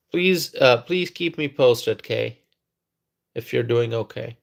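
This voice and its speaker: A man hosting a live stream, chatting with viewers and talking softly and slowly to rest his tired voice. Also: medium pitch, animated, gravelly.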